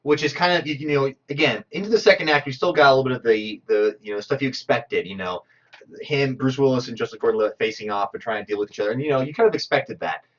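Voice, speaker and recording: Animated man on a lo-fi stream. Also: medium pitch, quick pace. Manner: animated, talks through scenes with quoted asides. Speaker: podcast co-host. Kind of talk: casual film commentary chat.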